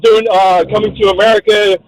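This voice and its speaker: A man calling in to a radio show, ranting heatedly and shouting, full of "like". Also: high voice, level tone, brisk, slight background noise, low-quality recording. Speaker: caller. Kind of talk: phone-in rant.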